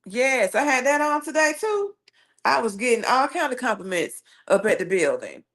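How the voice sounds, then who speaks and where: A woman with a Southern US accent hosts a casual live stream, reading viewer comments and telling stories in a sassy, animated way. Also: on the high side, moderate pace. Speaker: livestream host.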